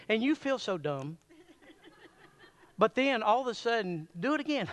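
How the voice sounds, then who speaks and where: A man preaching a sermon in a church, folksy and animated, chuckling often as he addresses the congregation. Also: very high-pitched, moderate pace, pauses often. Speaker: pastor.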